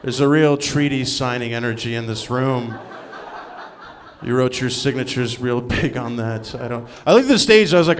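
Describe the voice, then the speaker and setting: A man's voice: medium pitch, moderate pace. A male stand-up comedian with a mid-range voice. He delivers his set in a wry, sardonic way. He performs on a comedy stage in front of a live audience.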